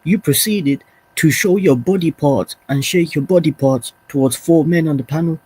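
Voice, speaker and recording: A man chatting on a stream, asking quiet, teasing questions. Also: a little high, normal speed, husky. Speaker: stream co-host. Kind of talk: casual streamed chat.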